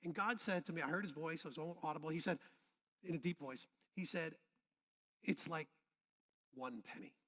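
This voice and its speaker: A pastor with a high, bright voice preaches fast in a church sanctuary, keeping things conversational and funny. He draws the congregation into call-and-response, and the long reverb of the hall carries his words.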